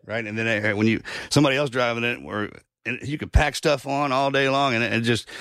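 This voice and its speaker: A folksy man rattles along quickly as a podcast co-host, his voice gravelly and rough. He rambles through long analogies and swears casually. The sound is dry, with little room around it. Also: mid-range voice, steady tone, fairly bright tone, dry recording. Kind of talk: conversational podcast talk.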